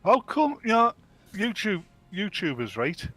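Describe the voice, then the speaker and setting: A man from Britain chats over a voice chat mic during an online game. His voice sits a little high as he teases his friends and tells crude jokes. He often stumbles and restarts his sentences. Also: wildly swooping pitch, bright, forceful tone, faint music behind. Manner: teasing, joke-telling, halting restarts. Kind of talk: casual chat while gaming online.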